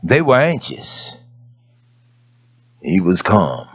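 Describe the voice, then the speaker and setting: Preacher guy, folksy sermon, voice jumps all over, shouts then goes hushed, dull lo-fi sound. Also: low voice, wildly swooping pitch, drawn-out words, breathy edge. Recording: dull lo-fi recording.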